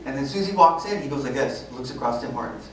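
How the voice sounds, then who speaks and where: A woman telling a story in a sermon, acting out the dialogue in a lively, conversational way. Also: a bass voice, fast talker. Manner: animated, conversational, acts out dialogue. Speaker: preacher. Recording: echoey hall from far off, noisy.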